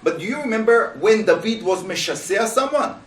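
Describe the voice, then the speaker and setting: Teaching Torah a little fast, a male rabbi presses his students with lively rhetorical questions in a high voice that leaps in pitch. The microphone is distant, so the sound is roomy and echoes.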